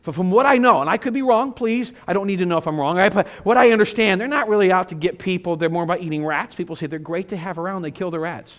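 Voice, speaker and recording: A middle-aged male pastor preaching a sermon, telling stories with animated, self-mocking humor. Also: high voice, fast, hardly any pauses.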